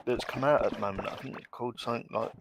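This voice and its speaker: A man's voice: medium pitch, rapid-fire, crowd noise. A man chatting loosely on a gaming stream, rambling and hunting for words, with casual swearing. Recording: music clearly in background.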